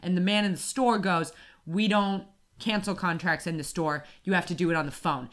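A woman co-hosting a casual podcast, telling a story in an animated ranting way and acting out her own shouting. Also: lowish voice, normal speed. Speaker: podcast co-host. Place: apartment in Wimbledon.

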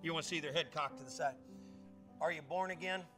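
An older man preaching a sermon as pastor, emphatic and conversational, climbing into shouted peaks, with faint music behind. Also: a little high, brisk.

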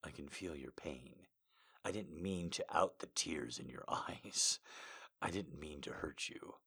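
A man voicing a tender young werewolf alpha who talks in a breathy, hushed murmur, within a comedic reading of amateur fiction. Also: very deep voice, unhurried, voice pushed down, full character voice.

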